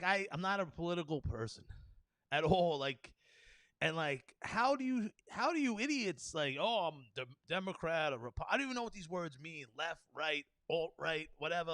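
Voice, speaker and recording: High-voiced, profane ranting man. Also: a bit bright, no room sound. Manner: profane, rambling, restarts often, laughs at own jokes. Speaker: podcast host. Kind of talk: unscripted ranting monologue.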